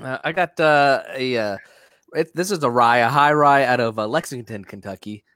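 A man's voice: medium pitch, normal speed, a bit bright, clean tone, no room sound, clean studio sound. A man who produces the audio for a podcast, chatting casually and hesitating with fillers. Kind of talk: casual chat.

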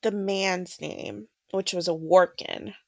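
A woman co-hosting a casual book podcast, playful and quick to correct or add details. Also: fairly low pitch, fairly even intonation, gravelly, darkish tone, no room sound. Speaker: podcast co-host.

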